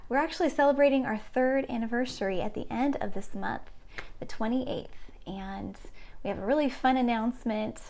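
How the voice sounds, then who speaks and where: A woman's voice: medium pitch, a little mellow. A woman in her late twenties chatting casually with her live-stream viewers between piano pieces, reading out and answering chat comments. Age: late 20s.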